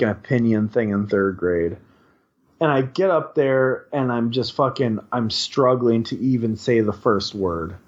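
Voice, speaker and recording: A young man tells a long personal story in loose, profane chat, piling on fillers and restarts. His voice sits at an ordinary pitch. The recording is a little dull and lo-fi. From Wisconsin. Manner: rambling, profane, lots of fillers. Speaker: podcast co-host.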